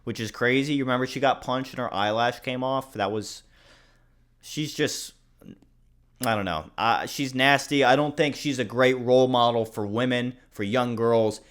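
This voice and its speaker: A man's voice: mid-range voice, normal speed, fairly bright tone. A man hosting a casual fight prediction video, rambling, blunt and joking at his own slips. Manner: rambling, blunt, swears, jokes at himself. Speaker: host giving fight predictions. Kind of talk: casual commentary.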